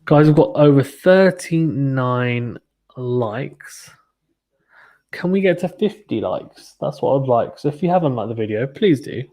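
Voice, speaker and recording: A young man from Britain talks casually over a live tennis stream, reading out viewer comments in a chatty way. His voice sits in an ordinary middle pitch. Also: expressive, a little slow, mellow.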